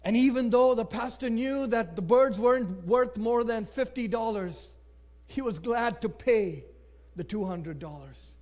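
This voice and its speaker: A man tells a moral story in a very high voice, unhurried and deliberate. He shifts freely from loud, emphatic lines to hushed near-whispers. His delivery is expressive and dramatic throughout.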